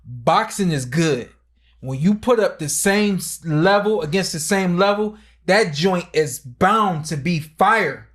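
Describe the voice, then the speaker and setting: Laid-back, higher-voiced man telling stories. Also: lively intonation, takes it slowly, fairly bright tone. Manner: laid-back storyteller, laughs often. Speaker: podcast co-host, former boxer. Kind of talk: casual chat.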